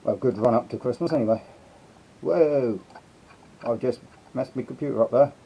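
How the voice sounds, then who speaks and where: A man's voice: mid-range voice, moderate pace, gravelly, breathy edge. A man hosting a casual live stream, chatting and greeting his viewers one by one. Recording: slightly dull lo-fi sound.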